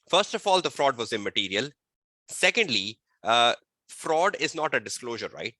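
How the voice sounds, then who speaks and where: A man tutoring an online exam-prep webinar, firing repeated rhetorical questions at students and dictating model answers slowly. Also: medium pitch, bright, forceful tone, dry recording. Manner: slow, deliberate dictation of answer phrasing.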